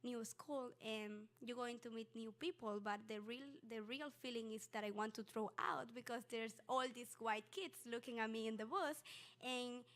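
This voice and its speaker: A young woman whose first language is Spanish, with a Spanish accent, telling a personal story on stage in a halting way with many fillers. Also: a little high, steady tone, a bit bright. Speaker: student storyteller.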